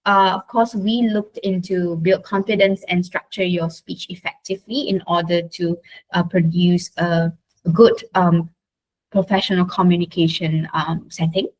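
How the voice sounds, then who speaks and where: A woman's voice: fairly low pitch, steady tone, a little slow, rough recording. A woman leading an online speaking workshop, often checking in with "right?" and restarting her phrases. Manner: checks in often with tag questions; frequent restarts and fillers. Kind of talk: online teaching talk.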